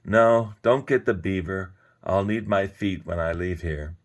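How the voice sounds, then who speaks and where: An earnest little tree, small and stubborn, speaking a touch higher than a low-voiced storyteller, as a man puts him on. Plain and sincere, in a spoken storybook. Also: unhurried.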